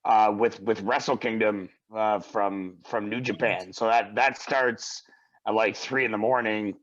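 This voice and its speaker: A man co-hosting a podcast, joking in quick, animated bursts during casual chat. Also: fairly low pitch. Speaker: podcast co-host. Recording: dull lo-fi audio.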